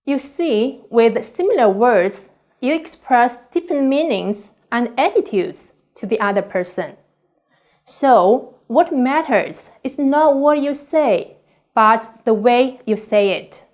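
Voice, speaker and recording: Slow, careful higher-pitched woman lecturing. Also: expressive, darkish tone. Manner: slow, deliberate, carefully enunciated. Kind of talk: scripted online course lecture.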